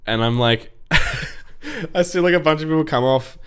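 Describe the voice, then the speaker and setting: A man, co-hosting a casual podcast and telling rambling, animated stories. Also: fairly high pitch, moderate pace, clear, resonant tone. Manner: rambling storyteller, animated when annoyed. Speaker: podcast co-host. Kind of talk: casual chat.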